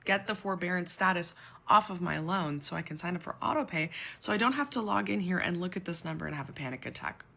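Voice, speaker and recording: A woman's voice: lowish voice, expressive, fast, gravelly, pushed and bright. A woman in her twenties telling her own story, exasperated and emotional, close to tears. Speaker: public sector worker telling her story. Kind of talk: personal story video.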